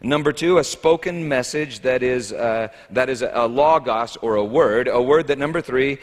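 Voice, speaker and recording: A man's voice: mid-range voice, moderate pace. A man preaching a sermon as a pastor, talking in a wry, conversational and humorous way. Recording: echoey hall reverb.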